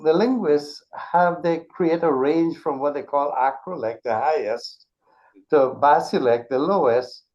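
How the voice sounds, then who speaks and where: A man's voice: on the high side, a little mellow. A man, an author and speech teacher, talking as an interview guest and explaining his points patiently with examples, often restarting his sentences. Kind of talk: earnest conversational explanation. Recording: dull lo-fi recording.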